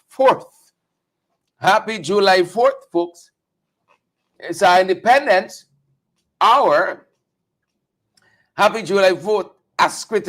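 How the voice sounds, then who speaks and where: A man, speaking in a high register, hosts a casual live political stream. He greets his viewers one by one and drives his points home by repeating phrases. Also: fairly bright tone. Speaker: host of a live political show.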